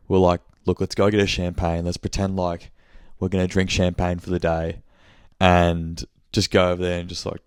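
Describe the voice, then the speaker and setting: A man's voice: low voice, darkish tone, smooth, dry recording, clean studio sound. A young man telling a rambling story on his podcast, swearing and correcting himself as he goes. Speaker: podcast host. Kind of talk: casual monthly check-in chat.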